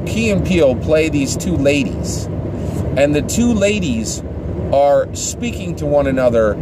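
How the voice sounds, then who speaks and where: A man's voice: a little high, noisy background. A man giving a casual, rambling movie review, often restarting sentences and checking in with the listener. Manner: rambling, restarts sentences, keeps asking "right?". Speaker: film reviewer.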